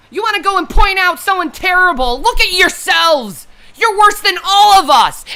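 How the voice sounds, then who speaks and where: Fiery, high-voiced woman ranting on a livestream. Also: sharp tone. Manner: furious, profane and tearful, repeating herself. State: grieving and upset. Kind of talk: angry unscripted livestream rant.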